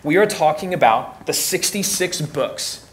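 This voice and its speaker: A man's voice: on the high side, lively intonation, unhurried, slight background noise. Young guy youth pastor teaching teens, chatty and jokey, keeps restarting his sentences. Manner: conversational, joking, repeats words when restarting. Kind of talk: casual teaching talk to teens.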